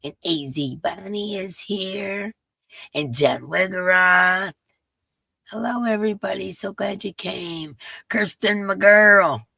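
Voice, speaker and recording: A hoarse woman hosting a casual live stream, chatting and reading out viewers' names as they arrive. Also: medium pitch, takes it slowly, pushed and bright, no room sound. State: hoarse, voice coming and going. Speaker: livestream host.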